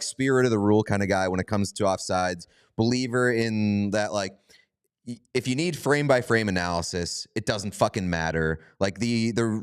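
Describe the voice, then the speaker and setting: A man co-hosting a casual hockey podcast, playful and quick to laugh. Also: fairly low pitch, smooth. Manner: laughs often, animated and playful. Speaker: podcast co-host.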